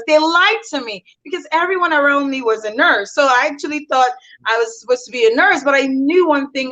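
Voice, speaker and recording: A woman from Nigeria, a realtor and interview guest, telling her life story in an emphatic, lively way and acting out what people said. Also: on the high side, muffled recording. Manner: emphatic, lively storyteller who acts out quotes.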